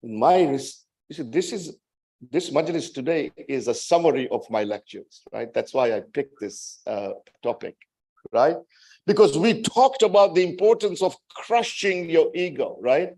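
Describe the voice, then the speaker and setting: A man giving a religious sermon to a gathering. He speaks in a slow, emphatic way, rises to forceful peaks and keeps checking in with his listeners with "right?". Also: on the high side, very animated. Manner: rhetorical, keeps asking "right?" to the audience. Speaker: majlis speaker.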